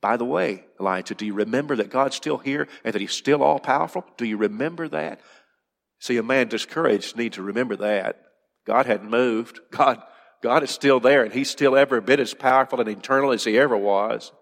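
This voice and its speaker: A man preaching a sermon, earnest, moving between urgent rising questions and soft, calm passages. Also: mid-range voice, a little fast, vocal fry, long reverb tail.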